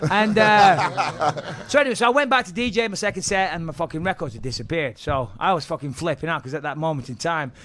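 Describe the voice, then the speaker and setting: A man in his thirties with an English accent, a podcast guest telling stories in casual, profane, animated talk that repeats phrases when he gets excited. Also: on the high side, a little fast. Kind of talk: casual storytelling.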